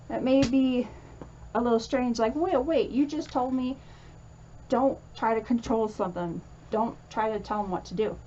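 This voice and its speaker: A woman's voice: sits high, mellow, lo-fi sound. A woman teaching a casual lesson, chatty and full of fillers, acting out comforting quotes as she explains.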